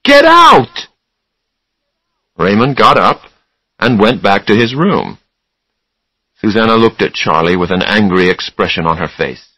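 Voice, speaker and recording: A man narrating a story for English learners in a slow, deliberate, expressive way. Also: lowish voice, slightly rough, dry recording, rough recording.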